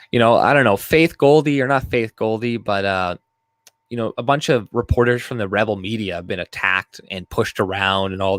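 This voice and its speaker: A Canadian video commentator with a fairly low-pitched voice reads news articles aloud and rambles through casual, profane commentary. He fills his talk with fillers and frequent laughs, and the recording has no echo.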